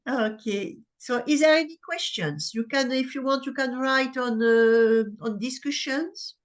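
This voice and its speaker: A woman with a French accent, a native French speaker, moderating a conference session in halting English with many uhs and restarts. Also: high-pitched.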